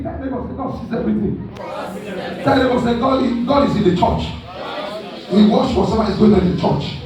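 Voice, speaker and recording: A pastor preaching in a church hall, his voice unusually high for a man. He leans on call-and-response and laughs as he goes. The sound is very echoey and comes from some way off the mic, with a faint hiss behind. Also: darkish tone, recorded from a distance. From Nigeria. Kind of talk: sermon.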